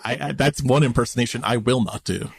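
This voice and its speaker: A man's voice: medium pitch, quick pace, creaky, husky, no room sound, clean studio sound. A man co-hosting a podcast in casual chat, good-humored and teasing, who explains things at length. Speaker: podcast co-host.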